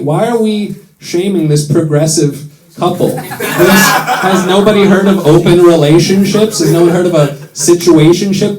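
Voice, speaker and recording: An American man doing stand-up in a London comedy club, telling sarcastic jokes in a dry, deadpan way and slipping into quick put-on voices. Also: high-pitched. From United States. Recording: roomy club sound with loud audience laughter.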